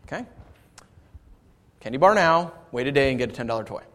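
A man preaching a sermon as pastor, shifting into lively storytelling and asking his congregation for responses. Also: mid-range voice, fairly quick. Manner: conversational preaching with lively storytelling and audience asides. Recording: long reverb of a large hall.

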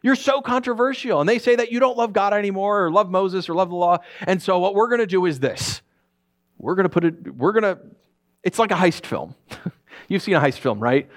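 A middle-aged man whose voice sits high gives a sermon as pastor. Joking and lively, he narrates stories and briefly puts on different voices.

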